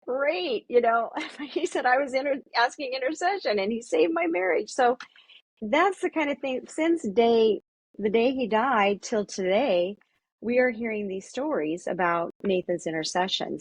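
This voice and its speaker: A woman's voice: fairly high pitch, breathy edge, dry recording. A middle-aged woman, an interview guest and mother, telling stories in a casual, earnest way with many restarts. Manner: earnest, halting, lots of restarts. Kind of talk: casual storytelling.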